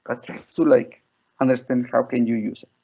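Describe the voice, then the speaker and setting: A man's voice: mid-range voice, steady tone, brisk. A man leading an online teacher-training lecture in a chatty way, often checking in with his listeners. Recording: dull lo-fi online audio.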